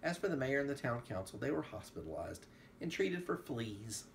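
A man reading a storybook aloud at home to a child, with animated storytelling and quick asides. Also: mid-range voice, vocal fry, slight background noise.

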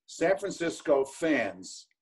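A man with a husky, middle-pitched voice chats casually as host, repeating himself a little. He sits well back from the microphone, so he sounds distant. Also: very animated, takes it slowly. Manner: chatty, repeats phrases. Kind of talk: casual conversation.

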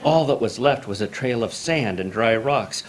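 A man reading a traditional folk tale aloud in a measured, formal storytelling manner. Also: mid-range voice, animated, a little hiss or hum.

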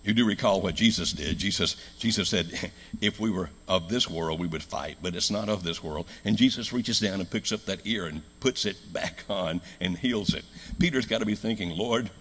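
Deep husky male preacher. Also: moderate pace. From United States. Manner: storytelling, shifts between loud emphatic lines and hushed low ones. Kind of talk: sermon. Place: church.

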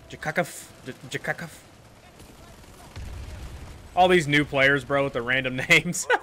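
A man's voice: mid-range voice, slight background noise. A man giving casual, joking commentary over his own game footage. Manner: chatty, joking, loud outbursts. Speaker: gaming YouTuber.

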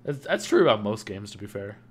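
A man's voice: lowish voice, lively intonation, a little fast, breathy edge. A young man chatting casually and joking on a live gaming stream. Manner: joking, laughs often.

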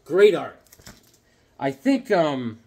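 A man in his fifties chatting casually about comic books to his viewers in a jokey, rambling, excitable way. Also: a little high, extremely slow, creaky, slight background noise. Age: 50s. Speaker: comic book vlogger. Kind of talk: casual chat to camera.

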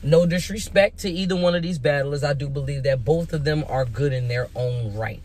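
A young man giving casual, hyped commentary as a vlogger, animated and emphatic, with rhetorical questions and repeated words. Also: a little high, normal speed. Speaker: vlogger making predictions.

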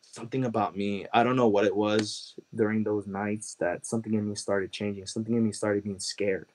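A man from Chicago telling his conversion testimony as a guest, earnest and halting, with many "like" and "you know" fillers. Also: fairly low pitch, flat delivery, darkish tone, poor audio. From Chicago, USA. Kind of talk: personal testimony storytelling.

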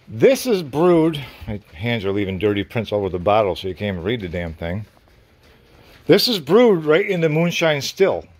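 Chatty middle-aged man in his garage. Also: mid-range voice. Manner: rambling, chatty, mild cursing. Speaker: garage vlogger. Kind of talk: casual workshop chat. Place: home garage. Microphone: phone camera.

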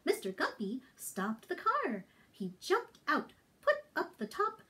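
A woman librarian reading a picture book aloud to toddlers, with an animated, sing-song delivery and questions to her young listeners. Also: high voice, normal speed, few pauses. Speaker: children's librarian. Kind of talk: toddler storytime read-aloud.

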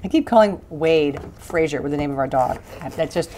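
Low-voiced lady doing a casual cooking demo, rambly and chatty, little bit of background hiss. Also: lively intonation, a little fast, warm tone. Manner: chatty, rambling, laughs often. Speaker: cooking show host.

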